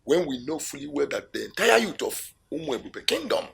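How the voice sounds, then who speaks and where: A man's voice: on the high side, very animated, fairly quick, creaky, a bit bright, heavily acted. An actor playing a worried king plotting against a rival, speaking with a Nigerian accent. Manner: worried, conspiring.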